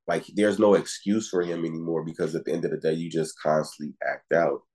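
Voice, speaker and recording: A man's voice: rumbling low, fairly even intonation, fairly quick, a little mellow, breathy edge. A man co-hosting a podcast in casual chat, rambling and repeating fillers like "it's just like" and "you feel me". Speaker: podcast co-host.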